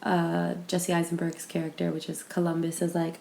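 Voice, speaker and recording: A woman's voice: on the low side, monotone, normal speed, creaky, dark tone, slight background noise. A woman co-hosting a podcast in casual chat, talking loosely with many fillers and restarts. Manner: chatty, lots of fillers and restarts. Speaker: podcast co-host. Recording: roomy echo.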